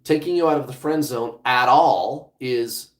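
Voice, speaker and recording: A man's voice: medium pitch, unhurried, reverberant. A man hosting a livestream as a relationship coach, speaking bluntly and casually, with some swearing, straight to his viewers.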